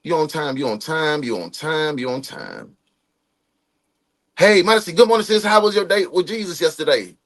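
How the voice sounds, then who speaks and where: A man in his forties chats loosely on a livestream, mixing street slang with motivational pep talk. His voice sits a bit high and swings widely up and down as he calls out to viewers. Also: expressive, normal speed, fairly bright tone. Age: 40s. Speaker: livestream host. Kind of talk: casual livestream chat, greeting viewers.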